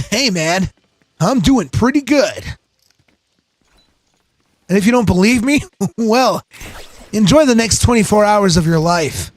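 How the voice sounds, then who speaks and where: A man's voice: high-pitched, expressive, slow, pauses often, no room sound. A man giving casual gameplay commentary, rambling, giggly and self-deprecating. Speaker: gaming channel host.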